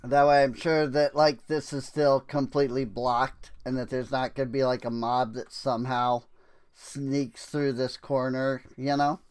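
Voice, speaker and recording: Slow, rambling young man streaming a game. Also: medium pitch, level tone, smooth. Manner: rambling, laughs often, filler-heavy. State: dry throat. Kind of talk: casual gameplay commentary.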